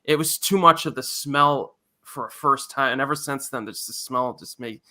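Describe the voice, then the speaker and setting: Male co-host, bright tone, laid-back casual storyteller. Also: medium pitch, moderate pace. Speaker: podcast co-host. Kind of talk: casual chat.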